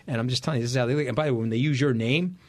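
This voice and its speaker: A middle-aged man from New York with a New York accent, a podcast guest telling stories in a blunt, emphatic, rapid-fire way. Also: medium pitch, darkish tone. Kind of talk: casual interview storytelling.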